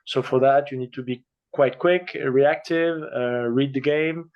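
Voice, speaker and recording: A man's voice: mid-range voice, fairly even intonation, a little slow. A man answering interview questions about his playing, searching for words. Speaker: guest, padel player. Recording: dull lo-fi sound.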